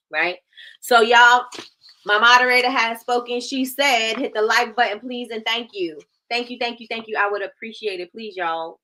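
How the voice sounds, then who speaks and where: A woman's voice: mid-range voice, normal speed, pushed and bright. Chatty woman quizzing her chat. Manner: chatty, quizzing viewers, lots of "y'all" and "you know". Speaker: livestream host. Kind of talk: casual live-chat teaching.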